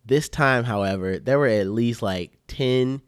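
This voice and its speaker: A man's voice: mid-range voice, unhurried, clear, resonant tone, dry recording, clean studio sound. A young man casually telling a funny story on a podcast, laid-back and slangy, swearing freely. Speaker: podcast co-host.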